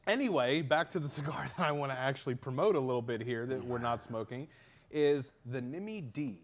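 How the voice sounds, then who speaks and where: A man's voice: mid-range voice, a little fast. A man with a Pittsburgh accent hosting a casual talk show, telling stories animatedly and swearing freely. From Western Pennsylvania. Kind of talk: casual chat.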